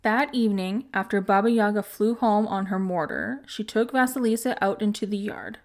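A woman podcast host calmly narrating a folk tale in a measured storytelling voice. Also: mid-range voice.

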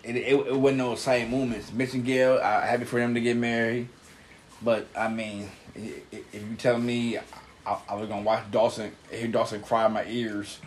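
A man co-hosting a casual TV recap chat, talking in a halting, laid-back way with slang and repeated words. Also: medium pitch, little pitch movement, slight background noise. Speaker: podcast co-host.

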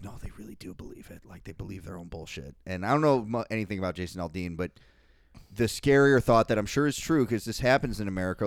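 Young male co-host, low and smooth, profane ranting bursts, dry close sound. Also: no room sound. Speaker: podcast co-host. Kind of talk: casual podcast chat.

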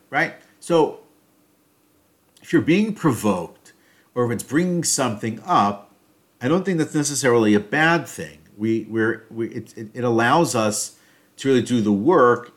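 Man, mid-pitched voice, reflective self-help talk, thinking aloud, hesitant restarts, loudness shifting up and down. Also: expressive, normal speed.

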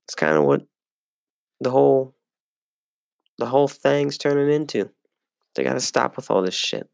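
A young man with a gravelly, creaky voice talks through a casual solo sports podcast. He rambles, swears freely and fills gaps with "like" and "um". The sound is dry and close, with little room echo. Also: mid-range voice, sing-song, moderate pace, a little mellow. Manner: rambling and profane, with frequent fillers. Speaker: podcast host.

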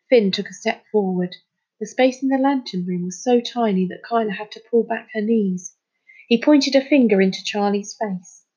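A woman reading a children's storybook aloud in a steady, even-paced narration. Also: mid-range voice, moderate pace, slightly rough, dull audio. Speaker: storybook reader. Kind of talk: scripted narration.

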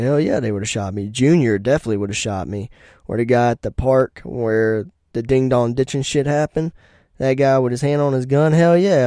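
A man's voice: mid-range voice, warm tone, no echo, clean studio sound. A young man telling personal stories as a podcast host, in a blunt, profane and rambling way. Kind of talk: casual storytelling monologue.

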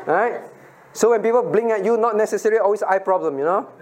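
A man's voice: high voice, fast, darkish tone, some chatter behind. A middle-aged man, a pastor giving a playful Bible lesson to children and asking them questions. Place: church room with children.

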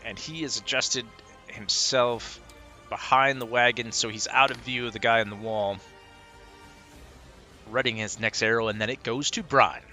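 A man with a very bright, sharp voice runs a tabletop game as game master. He narrates each attack in vivid detail and reasons through distances out loud. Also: mid-range voice, steady tone, moderate pace, faint music behind. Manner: descriptive, works out distances aloud.

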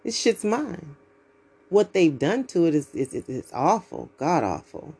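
A woman's voice: deep voice, sing-song, a little slow, dark tone, slightly rough. A woman from the United States, hosting her own podcast in a blunt, profane, preachy monologue. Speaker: podcast host.

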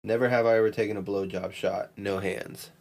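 A man's voice: on the low side, fairly even intonation, fairly quick, a little mellow. A man co-hosting a podcast, reading out drinking-game prompts in casual, joking chat. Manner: reads out game cards, joking. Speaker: podcast co-host.

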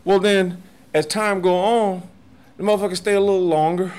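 A man's voice: sits high, normal speed, smooth. A man in his forties or older, chatting casually on a podcast, swearing freely and laughing as he tells stories. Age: 40s or older. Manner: profane, animated, laughs often. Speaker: podcast guest, martial arts master. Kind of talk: casual storytelling chat.

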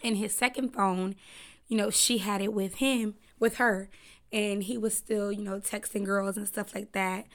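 A woman's voice: medium pitch, fairly even intonation, a little slow. A woman hosting her own podcast, talking casually and bluntly, with a lot of slang and swearing. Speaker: podcast host. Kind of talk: casual solo podcast chat.

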